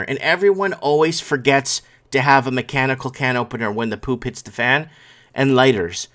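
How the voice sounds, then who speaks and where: A man's voice: mid-range voice, normal speed, bright, forceful tone. A man hosting a casual live stream, rambling over news stories and reading chat comments, sleepy and yawning. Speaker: host.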